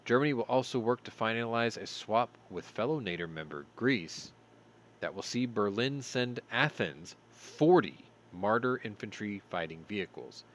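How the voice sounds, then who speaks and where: A man's voice: fairly low pitch, expressive, normal speed. A tired man hosting a show, reading news stories aloud and breaking off for sarcastic asides. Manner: sarcastic asides between read headlines. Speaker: show host.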